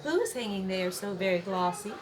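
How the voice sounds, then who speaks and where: A woman's voice: mid-range voice, animated, brisk, music in the background, natural voice. Fearful striding banana, female, storybook; woman reader plays her. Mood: wary.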